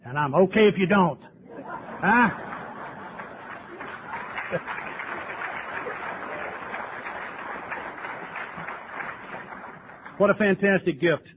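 Older man, slightly high voice, heartfelt recovery-meeting speaker; thin, lo-fi tape with a faint hiss. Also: normal speed, crowd noise. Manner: earnest, emotional, tearful at times. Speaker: speaker sharing his story at a recovery meeting. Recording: tinny lo-fi recording with faint noise.

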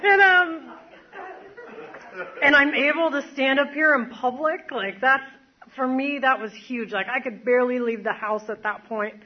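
Lo-fi sound with a bit of hiss or hum carries a woman's high, unhurried voice as she tells a group about her recovery from in front of the audience. Her testimony wanders, heavy with fillers and laughter at her own expense.

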